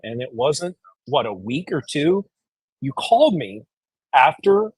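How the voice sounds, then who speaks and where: Casting: husky, blunt man, casual livestream guest, dry close sound. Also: medium pitch, unhurried, dry recording, poor audio. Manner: blunt, profane, animated retelling.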